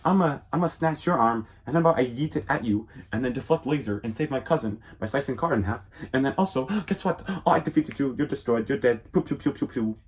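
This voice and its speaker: A shrill, overexcited boy hero yelling through his lines like a goofy cartoon kid, as a young man puts him on in his recap. The voice jumps well above his own and gets loud, with a silly, over-the-top edge. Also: animated, fairly quick, hardly any pauses, slight background noise, close to an everyday voice. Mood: excited.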